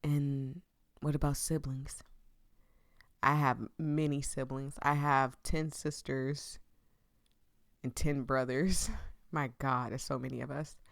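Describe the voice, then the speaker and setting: Young woman chatting while playing a story game, low voice, dry close sound, jokey. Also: little pitch movement, slow pace, long pauses, dry recording. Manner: chatty, laughing asides and put-on quotes. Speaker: game streamer. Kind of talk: casual game commentary.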